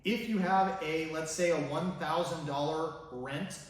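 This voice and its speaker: A man's voice: on the high side, a little slow. Enthusiastic man in a very echoey room. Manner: enthusiastic, persuasive, asks rhetorical questions. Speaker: finance YouTuber. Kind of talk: direct-to-camera finance vlog. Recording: very echoey room, mic at a distance.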